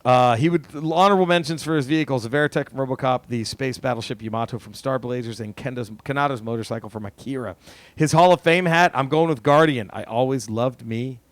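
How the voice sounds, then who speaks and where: A man's voice: mid-range voice, quick pace, no echo. A man in an everyday middle register reads out listener messages on a casual podcast. He talks loosely, swears freely and fills gaps with ums. The sound is dry and close. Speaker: podcast co-host.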